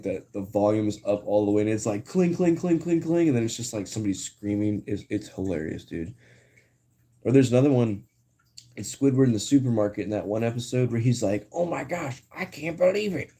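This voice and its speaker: Young male streamer, casual chat, low mellow voice, rambling and slangy. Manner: rambling, slangy, full of "like" and "dude". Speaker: live-stream host.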